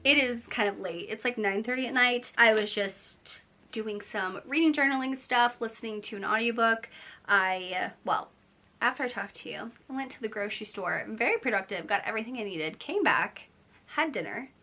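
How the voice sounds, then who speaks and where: A woman's voice: fairly high pitch, moderate pace, sharp tone. A young woman chatting casually to her camera at home at night, gushing about books with lots of "like" fillers. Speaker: book vlogger.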